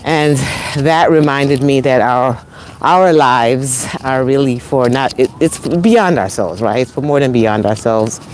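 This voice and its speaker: A woman's voice: rumbling low, measured pace, a little mellow, a little hiss or hum. A woman with a New York accent, originally from the Caribbean, giving an encouraging, chatty motivational talk while live-streaming on a walk, laughing often and calling out to viewers. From Caribbean, raised in New York. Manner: encouraging, upbeat, chatty with frequent laughs and rising exclamations. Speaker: motivational speaker, host. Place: outdoors on a walk near traffic.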